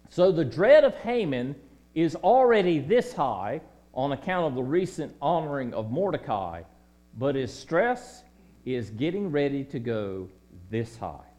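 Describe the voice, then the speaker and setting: A man preaches with a high voice and an unhurried, drawn-out delivery. He swings between hushed lines and loud, dramatic declaiming. A faint mains hum sits under the recording. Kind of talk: sermon.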